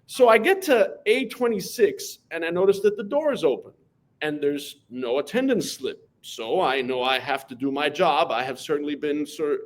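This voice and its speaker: A man, lively animated storyteller. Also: fairly high pitch, normal speed. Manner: animated, lively storyteller who acts out voices. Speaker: guest, math teacher. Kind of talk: anecdotal interview storytelling.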